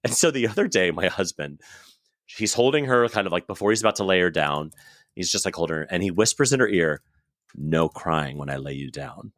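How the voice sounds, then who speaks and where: Low-voiced, profane gay dad host. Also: male voice, lively intonation, fast, fairly bright tone, no room sound, clean studio sound. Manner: profane, joking, lots of "like". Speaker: podcast co-host. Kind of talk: casual chat.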